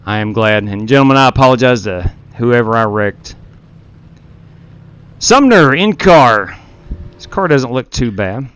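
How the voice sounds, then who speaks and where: A man's voice: lowish voice, moderate pace, a bit bright, clear, resonant tone. A man hosting a live sim-racing stream, casually commenting on replays and frankly owning his own mistakes. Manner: candid, self-blaming, talks as he rewinds replays. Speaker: stream host and league race director.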